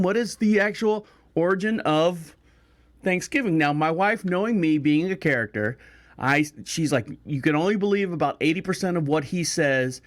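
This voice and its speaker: Rambling man telling a holiday story. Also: fairly high pitch. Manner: rambling, self-correcting, wry storyteller. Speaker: podcast host. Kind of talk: casual storytelling.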